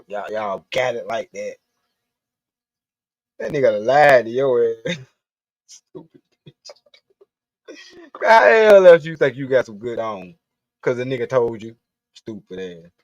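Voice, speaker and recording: A man's voice: medium pitch, expressive, unhurried, no room sound, dull audio. A man from the Southern US giving a profane, blunt, rambling rant on a livestream. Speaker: livestream host. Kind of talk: casual ranting monologue.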